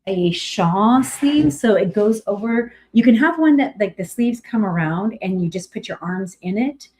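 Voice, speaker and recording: A middle-aged woman from California chats her way through a casual livestream. Her pitch sits in the middle of the range. She talks in a loose, rambling way, full of ums and restarts, and goes bright and gushing whenever she welcomes someone. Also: expressive, unhurried. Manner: chatty and rambling, with many fillers and restarts; bright and effusive when greeting viewers. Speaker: livestream host.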